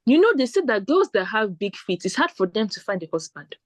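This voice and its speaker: A woman putting on a blunt, scolding older Nigerian woman who sells shoes, with a Nigerian accent and a loud, teasing, exclamatory manner. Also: mid-range voice, very animated, a little fast, dry recording. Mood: lecturing.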